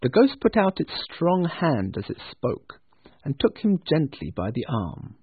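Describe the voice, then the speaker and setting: A man narrating a storybook with an expressive, lingering delivery. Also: fairly high pitch, a little slow, husky. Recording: tinny phone-like dry sound.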